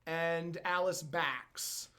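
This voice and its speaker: A man's voice: fairly high pitch, steady tone, very slow, pushed and bright, slight background noise. A man co-hosting a podcast, casually retelling a sitcom episode scene by scene. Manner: storytelling, walks through scenes step by step. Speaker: podcast co-host.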